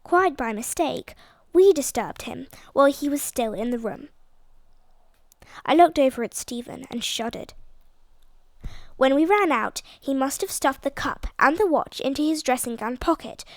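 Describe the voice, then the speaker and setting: A woman narrates an audiobook in a lively, expressive way. Her voice is high, and the recording is close and dry with no room around it. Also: moderate pace, no room sound.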